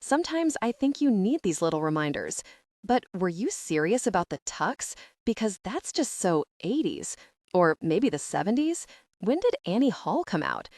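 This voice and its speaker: A woman's voice: mid-range voice, big pitch swings, normal speed, darkish tone, no room sound, clean studio sound. A woman reading an audiobook voices a chatty, teasing young female friend who sounds a little groggy.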